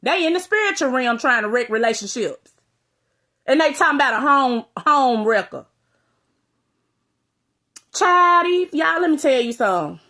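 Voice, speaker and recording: A woman's voice: on the high side, sharp tone. Blunt, profane woman ranting to camera. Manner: blunt, profane, calls out listeners with "you hear me?". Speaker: vlogger. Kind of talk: direct-to-camera rant.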